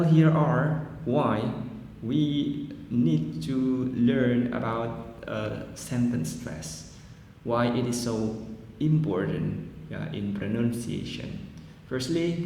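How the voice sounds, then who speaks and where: A man whose first language is Indonesian, giving a pronunciation lecture in English, explaining slowly and deliberately with asides like "well, everyone". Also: medium pitch, vocal fry, a little mellow. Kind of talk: recorded classroom lecture. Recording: echoey long-reverb room, faint noise.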